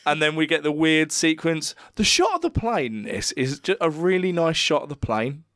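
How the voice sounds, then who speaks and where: A man's voice: on the high side, big pitch swings, moderate pace, fairly bright tone, no echo, clean studio sound. A man in casual film-review chat with friends, swearing often and laughing as he recaps scenes. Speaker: podcast co-host.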